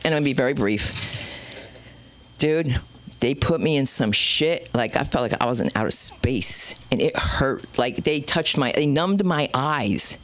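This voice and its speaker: A woman comedian hosting an open mic night, telling a rambling stand-up story with swearing and sudden loud and low turns. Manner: animated, swearing, jumps between loud and low. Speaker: comedian and show host. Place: small comedy club stage.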